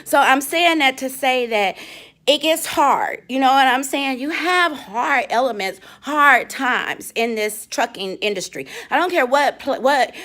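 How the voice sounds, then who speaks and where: Woman, high voice, bright tone, chatty, emotional, casual straight-to-camera talk. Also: a little slow. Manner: emotional, expressive, swings into loud laughing and crying retellings; chatty, lots of "you know". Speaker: trucking company owner and trainer.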